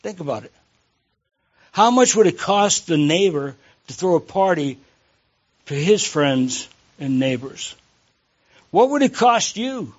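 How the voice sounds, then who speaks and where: Pastor, male, high voice, loose and jokey, talks straight to the pews. Lo-fi recording. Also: big pitch swings, takes it slowly, long pauses, husky. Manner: jokey, conversational, asks the congregation questions. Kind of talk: sermon.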